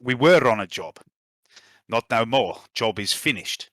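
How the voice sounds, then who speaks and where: A man voicing a gruff, guarded male mercenary in a put-on South African accent, talking with a hesitant drawl. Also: mid-range voice, expressive, measured pace, a bit bright, dry recording, clean studio sound. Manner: hesitant, filler-heavy drawl.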